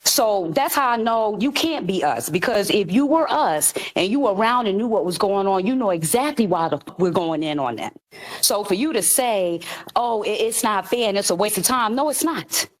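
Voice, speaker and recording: A woman's voice: mid-range voice, sing-song, normal speed. Confrontational woman scolding in an online chat. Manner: confrontational, scolding, repeats herself. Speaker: participant in a live audio chat room. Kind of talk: heated online discussion.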